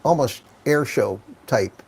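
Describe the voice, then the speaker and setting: A man's voice: mid-range voice, lively intonation, takes it slowly, creaky, breathy edge. An older man hosting a live online chat, telling rambling stories with many restarts over a video call. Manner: rambling storyteller, restarts often. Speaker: host. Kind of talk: casual chat on a live stream.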